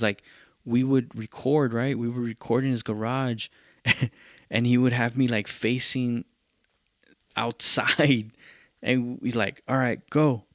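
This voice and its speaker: A man's voice: mid-range voice, dry recording, clean studio sound. Profane, rambling podcast host man. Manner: profane, rambling, quotes others in lively bursts. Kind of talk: casual storytelling monologue.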